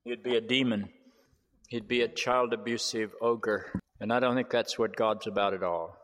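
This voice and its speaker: A clergyman addressing an audience, answering questions in a forceful, emphatic manner and repeating key phrases for effect. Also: on the low side, steady tone, normal speed. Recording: long hall reverb.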